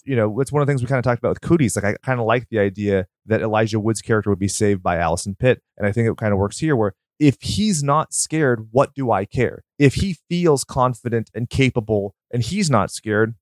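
Podcast co-host, male, lowish dry voice, riffs hard with strong opinions. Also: animated, dry recording. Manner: opinionated, quick to riff and swear. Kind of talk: casual chat.

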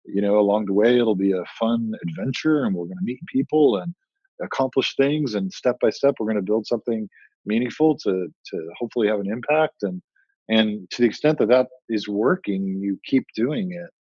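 A startup founder, appearing as a guest in a casual interview, tells stories in an animated way and acts out quoted dialogue. His husky voice is on the low side and a little fast, with no echo. The podcast audio is dry and muffled.

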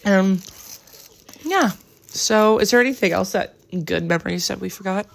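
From a hotel room, a US woman vlogs about her day's travels in a creaky, mid-range voice at a moderate pace. Her talk is chatty and meandering, thick with "like."

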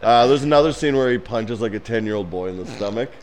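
A man co-hosting a casual podcast chat, telling movie scenes with laughter and rising excitement. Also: medium pitch, quick pace. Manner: animated storyteller, laughs while retelling scenes. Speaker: podcast co-host.

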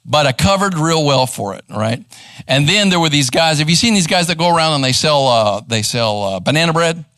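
A middle-aged man, a pastor teaching live in church, conversational and animated as he tells a story. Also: fairly high pitch, fairly quick, no room sound. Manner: animated, conversational, acts out quoted voices. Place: church sanctuary.

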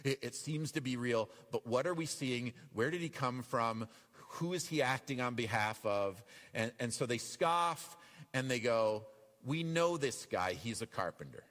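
A man preaching a sermon as pastor, animated and acting out the voices in the passages he reads. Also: medium pitch, measured pace, big-room sound. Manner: animated, acts out quoted voices. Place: church.

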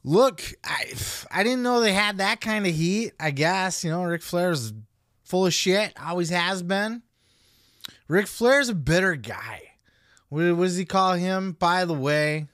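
A man's voice: sits high, animated, unhurried, fairly bright tone, no echo, clean studio sound. A man hosting a podcast, giving casual solo commentary in a blunt, profane, opinionated way. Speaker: podcast host.

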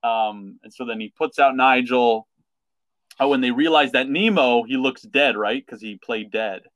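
A man's voice: medium pitch, normal speed, no room sound. A man on a podcast, chatting casually and retelling a story with lots of fillers. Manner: animated retelling with many fillers, acting out quotes. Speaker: podcast co-host. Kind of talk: casual chat.

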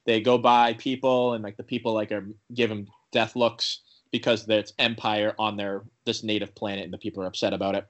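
A young man with a fairly low voice talks fairly quickly and with few pauses as a podcast co-host recapping a TV episode. His casual, animated retelling rambles, full of "like" fillers and restarts, and he acts out the characters' lines.

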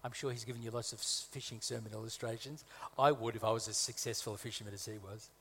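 A man's voice: medium pitch, steady tone, fast, a bit bright, slightly rough. A man from Malta preaches as a guest speaker, his sermon conversational and broken up with humorous asides. He leans on emphatic repetition to drive points home, in a mid-range voice. The sound carries a long reverb from a large church hall.

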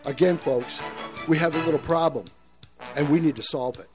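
An earnest male talk radio host speaks straight to his listeners in a slightly raised voice. He leans on warnings, repeats himself, and checks in with a quick okay. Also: fairly high pitch, over music. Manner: earnest, addresses listeners as folks.

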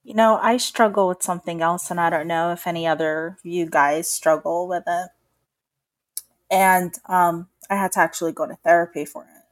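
A woman's voice: lowish voice, moderate pace. A young adult woman co-hosting a casual podcast, talking openly and animatedly about motherhood. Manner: open and confessional, animated retelling. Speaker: podcast co-host. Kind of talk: candid casual chat.

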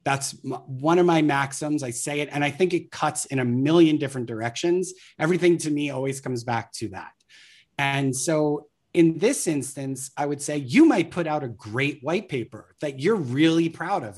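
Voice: medium pitch, lively intonation, moderate pace, darkish tone. A guest in an interview explaining marketing ideas through acted-out anecdotes in a casual way. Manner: anecdotal, acts out scenarios.

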